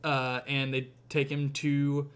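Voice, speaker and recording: A man's voice: medium pitch, completely flat delivery, slow pace, a bit bright, smooth. A young man hosting a podcast, casually retelling a film's plot with lots of fillers, swearing and acted-out quotes. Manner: rambling, acts out quotes, frequent fillers and cursing. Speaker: podcast host.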